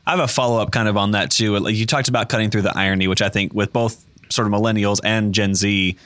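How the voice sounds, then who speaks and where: A man's voice: on the low side, fairly even intonation, fast talker, a bit bright, no room sound. A male interviewer asking a long, rambling question full of "like".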